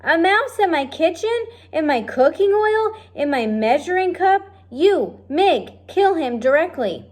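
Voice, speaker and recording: A woman voicing a bossy, mouse-hating female cook who shouts her orders. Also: on the high side, animated, normal speed.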